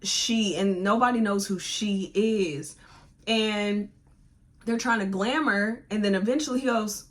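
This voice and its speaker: A woman's voice: mid-range voice, measured pace. A woman hosting a book club podcast, retelling the plot in a casual, digressive, slangy way. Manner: animated, digressive retelling that acts out characters' lines; slangy, informal talk. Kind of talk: casual book review chat.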